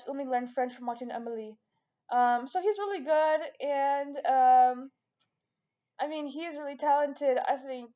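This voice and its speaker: A woman's voice: sits high, mellow, muffled recording. A woman vlogger chatting casually and rambling, with lots of fillers and restarts. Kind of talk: casual chat to camera.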